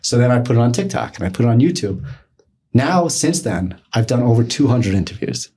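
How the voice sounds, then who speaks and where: A middle-aged man, telling a story as a podcast guest, animated and acting out other people's lines. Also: medium pitch, fairly quick, husky. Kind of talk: storytelling in casual talk.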